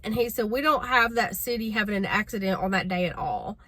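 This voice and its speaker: Woman vlogger, casual storytelling, bright clear voice, exasperated. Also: mid-range voice, a little fast, no echo. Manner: chatty, exasperated, addresses viewers as y'all.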